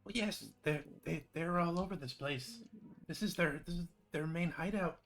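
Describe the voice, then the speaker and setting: A man voicing a terrified, timid male prisoner who begs and thanks his rescuers in a high voice. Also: normal speed, fairly bright tone, soft background music.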